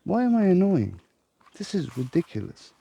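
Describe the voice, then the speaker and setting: A man's voice: high voice, wildly swooping pitch, moderate pace, vocal fry, mellow, slightly rough, dull audio. A man who hosts a self-help vlog, delivering a profane, exasperated ranting monologue. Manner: profane, emphatic, exasperated rant.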